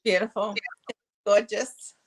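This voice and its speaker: A woman's voice: mid-range voice, steady tone, takes it slowly. A woman co-hosting a casual holiday chat over a video call, encouraging and cheering the other host on.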